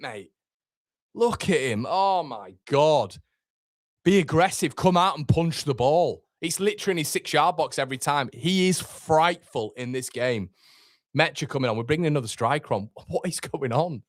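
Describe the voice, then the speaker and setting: A man hosting a live football watchalong, reacting anxiously and in exasperation, sometimes swearing and shouting at players. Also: a little high, expressive, moderate pace, no room sound, clean studio sound. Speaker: fan watchalong host. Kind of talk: live football fan commentary.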